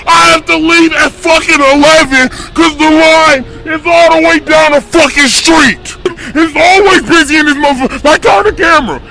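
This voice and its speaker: A man who cooks for a fast food place rants at a camera in a very high, gravelly voice. He shouts and swears from start to finish. He is close to tears and worn out. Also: rough recording. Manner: shouting and cursing in exasperation. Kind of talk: ranting to a camera.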